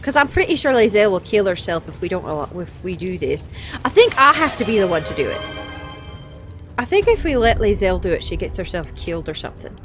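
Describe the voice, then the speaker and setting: A woman's voice: medium pitch, very animated, brisk, music in the background. A woman streaming a game live, chatty and self-mocking, laughing often as she comments.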